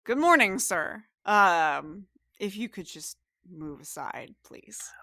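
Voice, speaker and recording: A woman voicing a pompous male mayor who shouts angrily and then turns stiffly polite. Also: sits high, big pitch swings, slow, gravelly, no room sound, clean studio sound, heavily acted.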